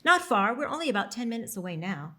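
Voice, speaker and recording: A woman's voice: on the high side, sing-song, fast, pushed and bright, full character voice. A woman reading aloud, giving a refined young Regency lady's lines in polite, formal speech. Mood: informative. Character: refined young Regency lady, gracious hostess.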